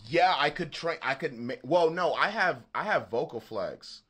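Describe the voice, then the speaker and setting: A man with a Southern accent hosting a beat-making livestream, chatting casually in a halting, rambling way and swearing freely. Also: fairly high pitch, lively intonation, a bit bright, breathy edge. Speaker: beatmaker livestream host. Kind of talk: casual live-stream chat.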